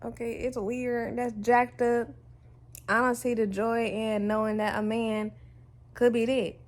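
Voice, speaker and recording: A woman's voice: on the high side, level tone, measured pace. A woman from the United States talking at home in a casual opinion vlog, emphatic and blunt, swearing freely and rambling with lots of fillers. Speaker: vlogger.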